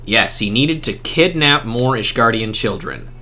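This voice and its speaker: A streamer reading a game aloud for comedy, breaking in with crude, swearing outbursts. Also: male voice, medium pitch, expressive, a little slow, hardly any pauses, sharp tone. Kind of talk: comic game playthrough reading.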